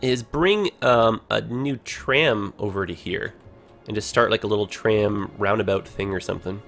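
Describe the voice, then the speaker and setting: A man's voice: lowish voice, normal speed, vocal fry, fairly bright tone, soft background music. A man with a Toronto Canadian accent, chatting casually over his gameplay as a livestreamer and filling his talk with "like" and "you know".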